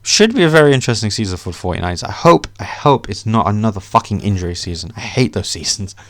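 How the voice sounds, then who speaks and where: A young man hosting a podcast, ranting about sports in a casual, animated way, swearing often. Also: on the low side, quick pace, dry recording, clean studio sound. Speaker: podcast host.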